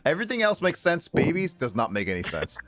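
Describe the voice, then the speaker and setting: A man's voice: a little high, wildly swooping pitch, fast talker, fairly bright tone, faint music behind. A man streaming a game, chatting casually and laughing at himself between lines. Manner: laughing, self-mocking. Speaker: livestreamer.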